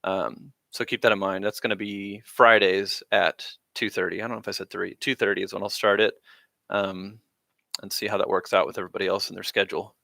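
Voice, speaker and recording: A man's voice: low voice, flat delivery, fairly quick, vocal fry, sharp tone, dry recording, studio quality. A man teaching a band class on a live stream, talking casually with lots of fillers as he explains rhythms. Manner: casual, rambling, frequent fillers. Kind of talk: live-streamed music lesson.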